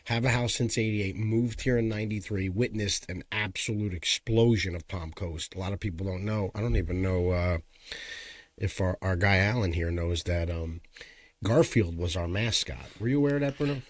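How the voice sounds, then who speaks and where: A man with a New York accent co-hosting a podcast in a studio, telling animated stories and ribbing his partner. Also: deep voice, moderate pace, dry recording. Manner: animated storyteller, playful ribbing. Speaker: podcast co-host. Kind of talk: casual chat. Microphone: studio microphone.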